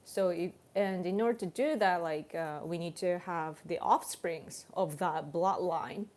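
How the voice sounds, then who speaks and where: Slow-talking Japanese woman chatting. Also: lowish voice, darkish tone. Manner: chatty, many fillers and restarts, laughs often. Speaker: livestream host. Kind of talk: casual livestream chat.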